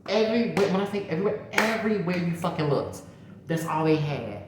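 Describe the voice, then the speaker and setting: A woman, a vlogger telling a story in a casual, animated, profane way, talking straight to her viewers. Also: on the low side, fairly quick, background noise. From Mississippi. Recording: very echoey room.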